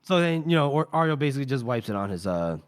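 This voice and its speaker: A man co-hosting a podcast who retells a book chapter in a rambling, animated way, swearing casually and filling pauses with "uh" and "you know". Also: mid-range voice, clear, resonant tone. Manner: rambling, animated, profane, with many fillers. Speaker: podcast co-host.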